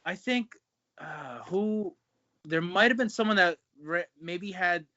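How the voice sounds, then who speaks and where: A man with a fairly high, bright, forceful voice talks in a loose, casual way, swearing freely and calling people man and bro. He is recorded dry over a video call. The sound is dull and lo-fi. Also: slow, no room sound. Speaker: pro wrestler guest. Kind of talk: casual interview chat.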